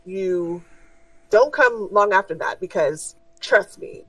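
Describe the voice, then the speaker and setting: Woman playing a gentle, reassuring older scientist, lowish voice, dry distant mic. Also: no room sound. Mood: kindly. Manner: gentle, reassuring, a little halting. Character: kindly, encouraging male scientist mentor.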